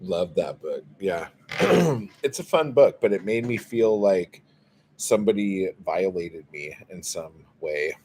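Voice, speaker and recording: Casual livestream host, man, lowish voice, profane and fed up, light background hiss. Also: lively intonation, takes it slowly. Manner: profane, exasperated storytelling. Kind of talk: casual livestream chat, reading viewer comments.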